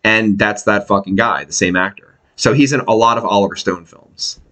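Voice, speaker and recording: A man hosting a podcast, talking in casual profane chat and slipping into quick impressions. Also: on the low side, bright, forceful tone. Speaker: podcast host.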